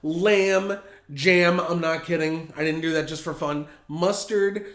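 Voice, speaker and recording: A man hosting a casual podcast who tells stories in an animated way, with plenty of profanity. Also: a little high, unhurried, roomy sound. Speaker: podcast host.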